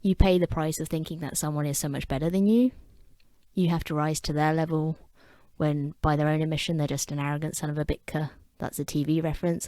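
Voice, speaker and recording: English woman, low register, podcast host, wry self-deprecating delivery, dry close recording. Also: a little mellow, no echo. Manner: wry, self-mocking asides. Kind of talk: casual podcast monologue.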